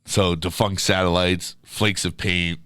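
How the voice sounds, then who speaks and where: A man co-hosting a podcast, telling a story in a relaxed, casual way. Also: low voice, measured pace, clear, resonant tone, no room sound, clean studio sound. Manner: laid-back storyteller, drops into quoted voices. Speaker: podcast co-host.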